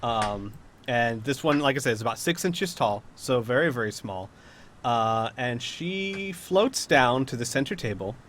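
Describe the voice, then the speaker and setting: A man acting as game master narrates a tabletop game. He hesitates often, with many fillers, in a medium pitch. His talk is casual and descriptive. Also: expressive, a little slow, fairly bright tone, slight background noise.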